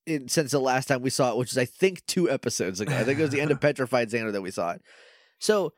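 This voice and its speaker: Animated, lively podcast co-host man. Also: racing, no room sound, studio quality. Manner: animated, laughing, mimics characters in a low mumble. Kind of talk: casual chat.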